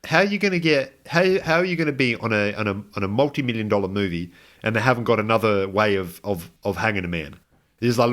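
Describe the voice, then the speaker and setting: Male podcast co-host with a low voice and loose, rambling delivery full of restarts. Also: lively intonation, quick pace, a bit bright. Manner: rambling, chatty, many restarts and tangents. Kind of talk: casual chat.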